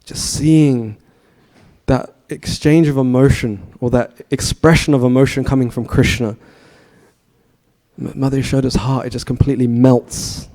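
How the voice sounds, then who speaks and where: At a temple, a man in his thirties tells stories in a sermon, conversational and asking his listeners things. His warm, mid-range voice moves at a measured pace with fairly even intonation.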